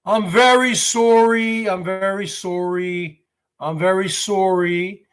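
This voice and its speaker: A man playing a fawning Canadian man who apologizes endlessly, slow and high, bright tone. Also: heavily acted. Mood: mock apologetic. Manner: mocking, exaggerated drawn-out apologies. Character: groveling apologetic Canadian man, overly sorry.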